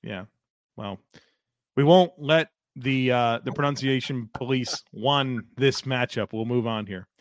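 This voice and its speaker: A man's voice: mid-range voice, measured pace, no echo. Easygoing male podcast co-host, dry mic. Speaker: podcast co-host, football analyst. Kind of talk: casual sports chat, reading listener takes.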